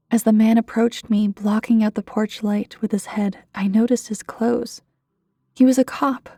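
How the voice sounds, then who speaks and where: A woman narrating a creepypasta in a hushed voice that often drops to a whisper. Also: medium pitch, no echo, studio quality. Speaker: horror story narrator.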